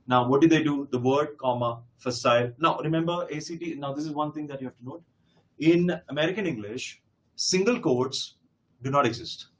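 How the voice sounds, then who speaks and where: A man with a slightly higher-pitched voice leads a test-prep lecture. He speaks to his students directly and drives his points home by repeating them with emphasis. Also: normal speed. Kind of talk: live classroom lecture.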